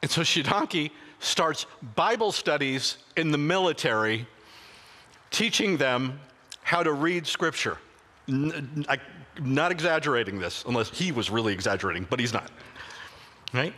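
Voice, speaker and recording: A male pastor delivers a sermon in a casual storytelling manner, his voice bright and forward. He talks in animated bursts and often backs up to restart a phrase. Every word lingers in the long reverb of the church sanctuary. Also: fairly high pitch, normal speed. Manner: animated anecdotal retelling with frequent restarts.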